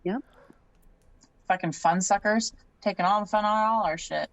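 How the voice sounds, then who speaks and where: A woman's voice: medium pitch, moderate pace, dull audio. A woman hosting a podcast in casual chat, laughing often and swearing freely. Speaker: podcast host.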